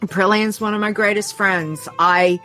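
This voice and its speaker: An Australian woman speaks as a guest in a relaxed podcast chat. Her voice sits in a middle pitch, and she talks in an earnest, heartfelt way, often pausing and restarting her thoughts. Quiet music plays faintly in the background. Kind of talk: casual podcast conversation.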